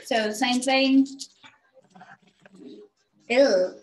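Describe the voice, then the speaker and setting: A woman's voice: sits high, very slow, darkish tone. A woman playing in a tabletop game, thinking aloud and hesitating as she adds up her dice. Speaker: player. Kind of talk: casual tabletop game play. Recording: roomy echo.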